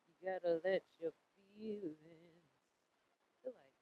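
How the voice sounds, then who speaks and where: A woman in her late thirties hosting a podcast, giving a casual tarot reading in a blunt, profane and animated way, often repeating herself. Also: lowish voice, measured pace. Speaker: podcast host. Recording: dull lo-fi recording.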